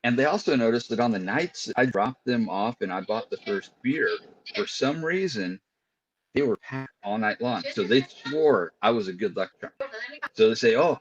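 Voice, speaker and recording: A man's voice: mid-range voice, expressive, normal speed. A man as a podcast guest, chatting casually and telling laid-back stories over an internet call. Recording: dull lo-fi call audio.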